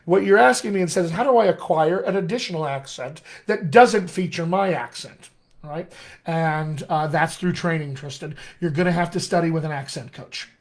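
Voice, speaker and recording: A man's voice: fairly high pitch, moderate pace. A man working as a dialect coach, answering viewers' questions in an upbeat, emphatic live-streamed session and talking straight to them. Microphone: webcam or computer mic on a live stream.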